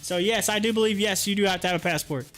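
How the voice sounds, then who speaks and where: A man's voice: high voice, fast, a bit bright, faint music behind. A man hosting a live stream, rambling through casual stories and viewer comments and laughing often. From United States. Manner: rambling storyteller, laughs often, repeats himself.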